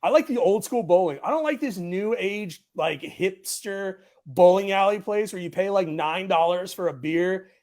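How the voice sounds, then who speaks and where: High-voiced laid-back guy. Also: lively intonation, normal speed, hardly any pauses, a little mellow. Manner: laid-back, jokey, says "bro" and "like" a lot. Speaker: podcast host. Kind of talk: casual chat.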